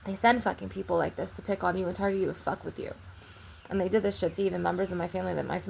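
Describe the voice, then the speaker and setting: A woman's voice: lowish voice, gravelly, a little mellow, slight background noise. A young woman vlogger telling a long personal story in a casual, rambling way, filling it with "like" and frequent swearing.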